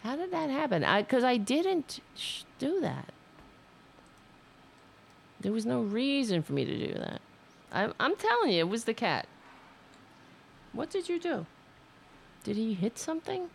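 A woman's voice: a little high, huge pitch swings, normal speed, vocal fry, pauses often, slight background noise. A woman hosting a casual livestream, rambling, swearing and scolding herself. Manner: profane, self-scolding, rambling. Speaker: livestream host.

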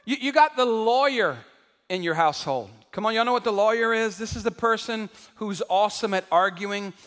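A man preaching a sermon to a congregation, animated and calling out to the crowd, acting out everyday voices for laughs. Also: high-pitched, normal speed, in a large hall. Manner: acts out household voices for laughs. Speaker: pastor. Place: large church hall.

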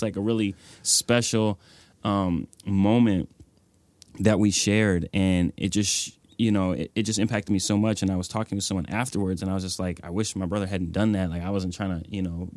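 A man's voice: on the low side, a little mellow, no room sound. A young man, the guest of an interview, telling personal stories earnestly and filling his speech with "like" and "you know". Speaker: nonprofit executive director, guest. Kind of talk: reflective interview storytelling.

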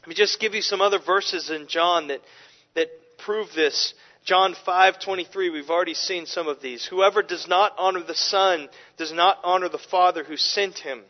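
A man preaching an expository sermon, animated and emphatic, often restarting his sentences. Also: high voice, normal speed. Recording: dull, lo-fi recording.

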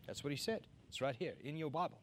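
A man preaching a sermon, animated, acting out quoted voices to mock them and laughing between his points. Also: a little high, fast talker, a little hiss or hum. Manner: animated, acts out mocking quotes.

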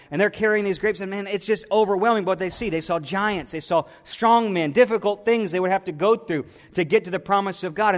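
A man preaching a sermon as pastor, swinging between soft, drawn-out phrases and emphatic, raised lines. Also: high voice, big-room sound.

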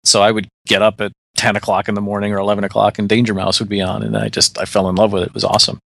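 A man's voice: lowish voice, completely flat delivery, vocal fry, a bit bright, dry recording, clean studio sound. A man co-hosting a podcast, chatting in an easygoing way with frequent laughs. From United States. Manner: easygoing, laughs often, halting restarts. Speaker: podcast co-host. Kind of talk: casual chat.

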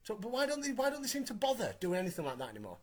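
A man in his thirties hosting a casual podcast, recapping in an animated, opinionated way. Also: sits high, rapid-fire. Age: 30s. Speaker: podcast host.

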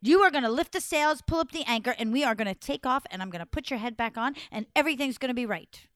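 A woman's voice: high voice, animated, fast, a bit bright, dry recording, studio quality. A woman voicing a fearless young princess who gives firm, emphatic orders to her sister. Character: bold, bossy young heroine princess.

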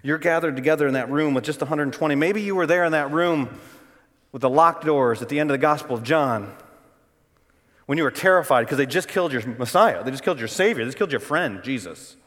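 A middle-aged male pastor preaching a sermon, telling the story dramatically and shifting between loud bursts and hushed, quiet passages. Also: on the high side, animated, fast. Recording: long hall reverb.

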